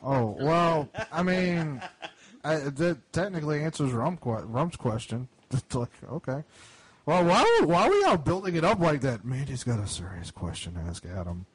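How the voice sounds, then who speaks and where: A man on a comedy podcast telling a rambling story, acting out baffled dialogue with animated outbursts. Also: fairly high pitch, moderate pace, husky. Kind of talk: casual storytelling chat.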